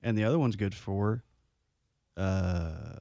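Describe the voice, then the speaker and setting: A man co-hosting a local radio show in a studio, dropping deadpan wisecracks. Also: low voice, slow, vocal fry, dry recording. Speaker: radio co-host. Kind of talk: casual on-air banter.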